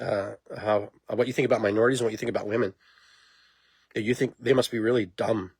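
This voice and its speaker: A man hosting a podcast in a casual monologue, talking in an animated, rambling way and laughing at himself. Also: on the low side, slightly rough, no echo. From immigrant to the United States. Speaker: podcast host.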